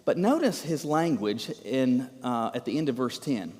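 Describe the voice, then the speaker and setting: A man's voice: mid-range voice, animated, a little slow, a little mellow, big-room sound. A man preaching a sermon as pastor, in an emphatic way, full of rhetorical questions.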